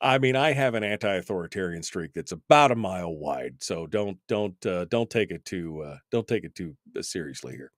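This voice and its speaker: A man's voice: deep voice, lively intonation, normal speed, hardly any pauses, dry recording, clean studio sound. A man in his fifties hosting a talk radio show, delivering a wry, exasperated, rambling monologue full of asides. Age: 50s.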